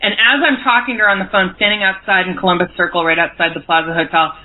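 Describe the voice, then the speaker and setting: A woman's voice: on the low side, steady tone, fast talker. American woman telling a story over the phone. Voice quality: chatty, full of fillers. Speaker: guest. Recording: noisy phone line.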